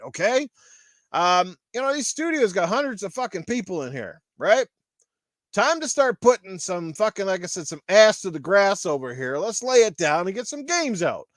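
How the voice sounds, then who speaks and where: Fired-up ranting man, high voice. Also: no echo, clean studio sound. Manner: angry, profane, riled-up rant. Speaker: podcast host. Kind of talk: ranting gaming podcast.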